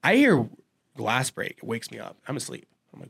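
A man telling a wild story in casual chat, profane and animated, swearing freely. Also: medium pitch, moderate pace, vocal fry, breathy edge. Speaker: podcast guest.

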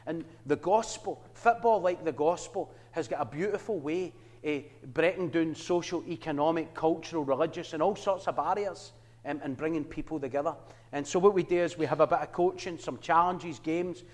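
A man with a Glaswegian Scottish accent, his voice fairly high for a man, presents to a church audience. He talks with earnest, preacher-like conviction and drops in dry jokes. His words ring with the long reverb of a hall. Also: normal speed, a little mellow. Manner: earnest preaching with wry asides. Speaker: Christian ministry worker.

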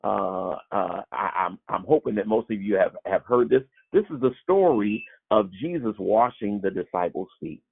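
Low gravelly man, informal small-group Bible teacher, tinny lo-fi line. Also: animated. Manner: halting, many fillers and restarts. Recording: tinny phone-like sound.

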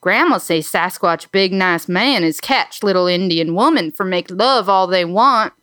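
Lady doing a southern backwoods gal reading her crude broken letter, pitched up, bit louder, bright dry sound. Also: expressive, unhurried, clear, resonant tone, no echo. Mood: aggrieved. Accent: put-on Southern US backwoods. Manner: broken, crude grammar, told plainly. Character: rough-spoken backwoods woman letter writer. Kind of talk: reading a letter aloud in character.

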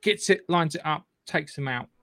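Swearing podcast host recapping. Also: male voice, fairly high pitch, moderate pace, sharp tone, no echo, clean studio sound. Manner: rambling retelling, frequent swearing and restarts. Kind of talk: casual film recap chat.

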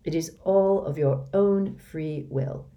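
A woman reading the part of a kindly, wise older man who speaks gently and formally. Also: low-pitched, lively intonation, a little slow, lo-fi sound. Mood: gentle.

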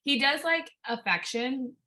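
A young woman with a bright, sharp tone tells an animated story in casual chat. She swears freely and laughs often as she talks. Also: high voice, measured pace, poor audio. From California.

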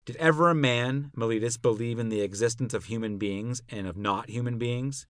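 A man's voice: medium pitch, normal speed, fairly bright tone, clean tone, dry recording, clean studio sound, natural voice. A man voicing an elderly philosopher on trial, questioning his accuser in a rhetorical, pointed way. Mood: probing, indignant. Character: elderly male philosopher on trial, probing and ironic. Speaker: podcast narrator. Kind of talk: dramatic reading of a classical dialogue.

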